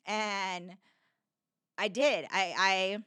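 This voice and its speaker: A woman's voice: mid-range voice, steady tone, very slow, a bit bright, clean tone, no echo, clean studio sound. A woman telling her personal story as a podcast guest, earnest and heartfelt, with lots of "like" fillers. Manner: earnest, heartfelt, heavy use of "like".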